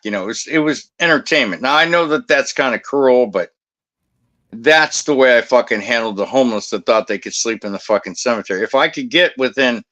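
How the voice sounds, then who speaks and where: A man's voice: medium pitch, sharp tone. A man who used to guard a cemetery tells blunt, profane anecdotes in casual chat. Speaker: former cemetery security guard.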